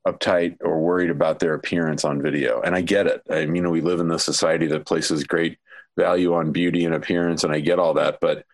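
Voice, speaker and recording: A man's voice: sits low, little pitch movement, brisk. A man with a nasal voice and a slight lisp that makes his S sounds whistle, talking plainly and reassuringly as a podcast co-host. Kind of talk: casual podcast chat.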